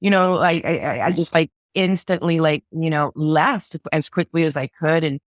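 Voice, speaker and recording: A woman's voice: low-pitched, normal speed, no room sound. Guest: woman conductor, middle-aged, emphatic storyteller, stammers when moved, dry close sound. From Los Angeles. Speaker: podcast guest, orchestra conductor. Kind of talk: casual interview storytelling.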